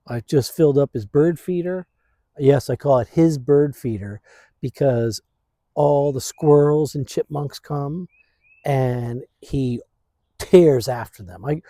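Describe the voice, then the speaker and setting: A man vlogging casually outdoors in his backyard, talking slowly into a phone on a stand, rambling and laid-back, saying "man" and "dude" a lot. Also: mid-range voice, warm tone, dry recording, studio quality. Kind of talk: casual vlog chat.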